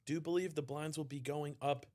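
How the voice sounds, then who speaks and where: Australian male poker commentator, higher-pitched, lively play-by-play. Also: brisk. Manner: chatty, excitable on big hands. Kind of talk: live tournament commentary.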